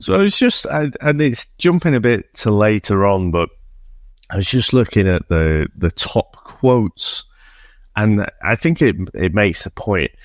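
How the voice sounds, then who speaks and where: A man with a St Helens accent carrying a Liverpool twang chats wryly about a film on a podcast, swearing freely. His pitch moves a lot through each line, and the recording is close and dry. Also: sing-song, a little slow, no echo. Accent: St Helens, Liverpool-leaning. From St Helens, England. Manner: wry, sweary, laughs easily. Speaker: podcast co-host. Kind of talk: casual film review chat.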